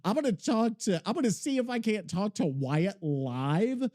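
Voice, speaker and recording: A man hosting a podcast in loose, casual chat, rambling and swearing constantly. His voice sits high and leaps all over the place, full of excitable energy. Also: moderate pace. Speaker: podcast host.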